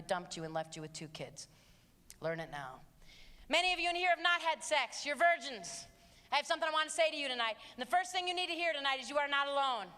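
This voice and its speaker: A woman with a fairly high, pushed, bright voice gives a live motivational talk on abstinence to teenagers in a large hall, the recording reverberant with audience present. She is emphatic and preachy, repeating her key phrases.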